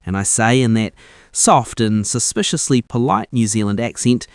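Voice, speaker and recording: A man's voice: medium pitch, expressive, moderate pace, dry recording, clean studio sound. A man narrating a scripted comic monologue in a wry, self-mocking tone.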